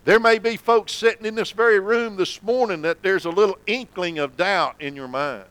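A man preaching a sermon in church, folksy and conversational, sometimes dropping to a low hush for emphasis. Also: moderate pace, clear, resonant tone, low-quality recording. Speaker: pastor.

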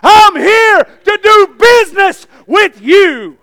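A man preaching who voices a bold ancient warrior, shouting defiant, drawn-out lines at a lion. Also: very high voice, expressive, no room sound, voice pushed up, heavily acted.

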